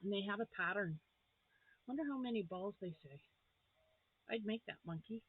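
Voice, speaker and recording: A woman's voice: medium pitch, moderate pace, husky, dry recording. A woman vlogger chatting casually as she unboxes crochet gifts, gasping and gushing with delight. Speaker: crafting vlogger. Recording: tinny phone-like sound.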